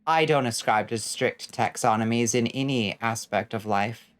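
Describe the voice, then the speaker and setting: Her voice is a bass, pacing along at normal speed. She's a young adult woman streaming a game, casually reading chat aloud and riffing on it in a wry, blunt manner, swearing often.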